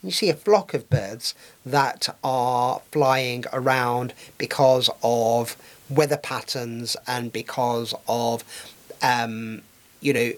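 A man's voice: medium pitch, a bit bright. Hesitant man on community radio. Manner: hesitant, many fillers and restarts. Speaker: radio co-host. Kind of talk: casual radio chat.

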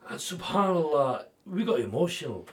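A man making a charity appeal on TV. He swings between loud, pressing urging and hushed, intimate storytelling. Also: fairly high pitch, big pitch swings, moderate pace, a little hiss or hum. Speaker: charity fundraiser. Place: TV studio.

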